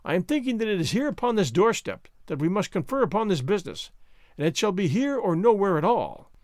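Male narrator as a bold, stiff-necked Highland gent, wry and formal, dry close sound. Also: sing-song, fairly quick, a little mellow, no echo. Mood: proud. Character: proud, bold Highland gentleman.

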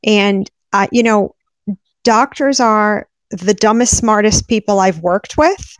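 An impassioned woman advocate from Rhode Island talks in urgent, animated bursts. Her voice sits at a middle pitch, and the dry recording has almost no room sound. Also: takes it slowly, no room sound. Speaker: patient advocate. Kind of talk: impassioned live-stream discussion.

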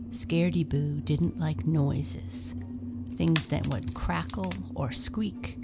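A woman narrating a children's storybook in a gentle rhyming read-aloud with dramatic shifts. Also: deep voice, gravelly.

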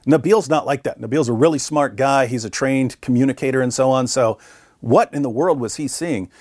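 A middle-aged man speaking with mid-range pitch, recorded close and dry with no room sound. He is a guest telling an anecdote in a conversational way and briefly puts on the voices of people he quotes. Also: fairly quick, no room sound. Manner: animated, acts out quoted voices. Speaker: interview guest. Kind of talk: conversational storytelling.

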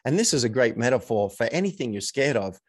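A man's voice: medium pitch, very animated, fast talker, slightly rough, no echo. Reflective male coach, dry sound. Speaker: coach, guest. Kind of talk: casual interview chat.

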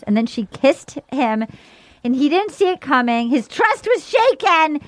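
A high-pitched woman hosts a casual chat, her voice swooping up and down as she retells events and slips into voices for the people involved. The sound is close and dry. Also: moderate pace, no room sound. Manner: animated, acts out quotes in voices. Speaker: podcast host.

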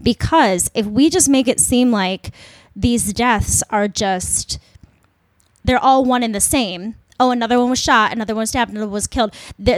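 Woman, podcast co-host, impassioned, emphatic, higher voice, dry. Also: no room sound. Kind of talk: casual podcast discussion.

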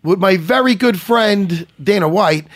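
A man hosting a podcast as a former fighter, in casual chat that is loud, profane and teasing. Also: high-pitched, unhurried, very noisy.

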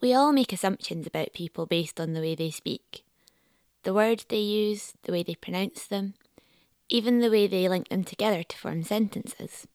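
A woman, presenting as a sociolinguist. She speaks in a clear, measured way. Her voice is close and dry, with no room sound around it. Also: medium pitch, a little mellow, dry recording. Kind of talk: documentary narration and interviewing.

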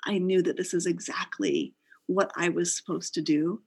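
A woman's voice: fairly low pitch, steady tone, normal speed, gravelly, darkish tone, husky. A middle-aged woman, a company founder, earnestly telling the story of how her business began in an interview.

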